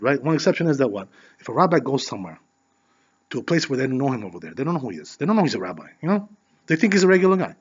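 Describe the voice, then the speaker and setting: A rabbi teaches a Torah class at a rapid clip, his voice sitting a bit high for a man. He talks in a loose, animated way and keeps dropping in "you know". The recording sounds dull and lo-fi. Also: breathy edge. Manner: peppers speech with "you know"; conversational, animated storytelling.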